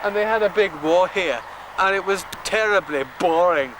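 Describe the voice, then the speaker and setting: A man's voice: high voice, normal speed, close to an everyday voice. An Englishman putting on a rambling Scottish guide. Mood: mock-earnest. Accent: put-on Scottish. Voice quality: rambling, mock-earnest explaining. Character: mock Scottish tour guide, rambling and bumbling man. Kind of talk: comic mock history lecture. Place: open moor outdoors. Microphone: handheld camcorder mic. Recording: noisy outdoor camcorder audio.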